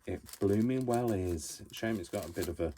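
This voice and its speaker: Low-voiced man, self-deprecating craft vlogger, chatty and rambling, paper crinkling faintly behind. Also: moderate pace, dark tone, a little hiss or hum. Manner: rambling, self-mocking, talks to himself while working. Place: craft room at home.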